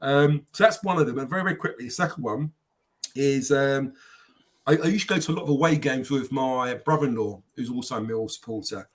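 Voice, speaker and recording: A man telling animated football anecdotes on a podcast panel, slipping into quoted voices. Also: medium pitch, a little fast. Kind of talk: casual storytelling.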